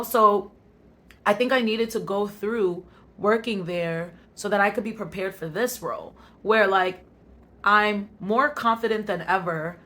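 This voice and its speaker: A woman's voice: mid-range voice, bright, forceful tone. A young woman with an African American Vernacular English accent, talking candidly to her camera in a casual vlog, reflecting on herself and talking herself into confidence. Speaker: vlogger.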